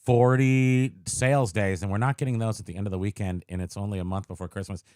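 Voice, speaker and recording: A man co-hosting a podcast in casual chat, sleepy and joking in a deadpan way. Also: lowish voice, fast, smooth, no echo, clean studio sound. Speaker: podcast co-host.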